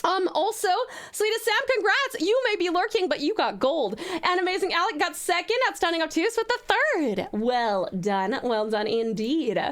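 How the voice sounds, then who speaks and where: Very high-pitched gushing streamer. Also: female voice, lively intonation, moderate pace, few pauses. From Tasmania, Australia. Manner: gushing, thanks viewers with pet names. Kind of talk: live game stream chat.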